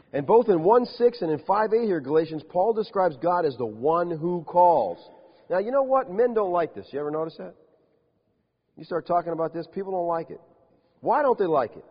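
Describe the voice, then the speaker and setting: Animated preacher in an echoing hall. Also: male voice, high-pitched, husky. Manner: animated, emphatic preaching with rhetorical questions. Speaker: pastor. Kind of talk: sermon. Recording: dull lo-fi sound with long hall reverb.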